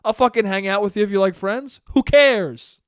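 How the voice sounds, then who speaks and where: A young man with a fairly high voice rants alone into his podcast mic, swearing freely and slipping into mocking impressions of critics. The sound is dry and close, with no room around it. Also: moderate pace, smooth, no echo. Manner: animated ranting, mocking voices of critics, frequent swearing and laughing. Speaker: podcast host. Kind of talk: solo podcast monologue.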